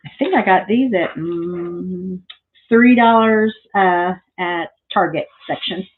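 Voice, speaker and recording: Craft vlogger, woman, lowish voice, rambling and chatty with plenty of ums, narrow phone-like recording. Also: slow pace, slight background noise. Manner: rambling, chatty, lots of ums and side stories. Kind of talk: casual crafting tutorial chat. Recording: thin phone-like sound.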